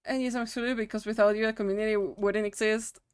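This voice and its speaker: A woman live-streaming and chatting casually to her viewers, emotional and quick to laugh, swearing freely. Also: mid-range voice, steady tone, clean tone, dry recording. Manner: talks to her chat directly. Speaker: livestream host.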